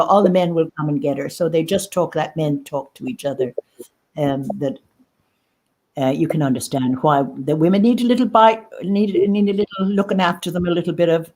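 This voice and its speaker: Woman guest, lowish voice, halting emotional testimony. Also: warm tone. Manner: halting, emotional, repeats phrases. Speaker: guest sharing lived experience. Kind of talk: personal testimony in conversation.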